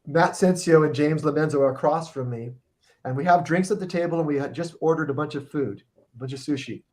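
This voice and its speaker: A man's voice: on the high side, brisk, darkish tone. A middle-aged man telling a long, profane story in a casual podcast chat, rambling and restarting his sentences often. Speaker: guest musician telling a tour story.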